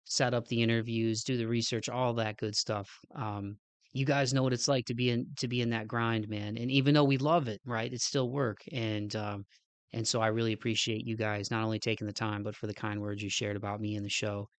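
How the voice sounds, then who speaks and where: A man's voice: fairly low pitch, flat delivery, fairly quick, clear, resonant tone, no room sound. Nasal, stuffed-up male podcast host. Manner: rambling, earnest, keeps saying "man". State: a little out of breath. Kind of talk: casual podcast outro.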